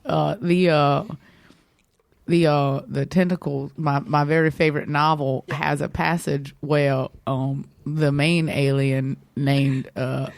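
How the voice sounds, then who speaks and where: A woman's voice: sits low, little pitch movement, slow, gravelly, no room sound. A woman guest on a comedy podcast, speaking in a prim, formal way. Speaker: guest librarian.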